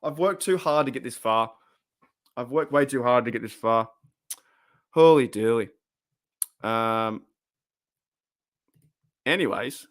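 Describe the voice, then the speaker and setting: A man's voice: mid-range voice, takes it slowly, pauses often. A man with an Australian accent hosting a casual live stream, rambling, repeating himself and laughing often.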